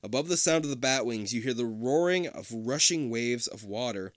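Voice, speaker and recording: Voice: medium pitch, lively intonation, moderate pace, no echo, studio quality. A podcast co-host reading a choose-your-own-adventure book aloud in a casual, comedic way, swearing freely and laughing often. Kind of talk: casual comedic read-aloud with crude asides.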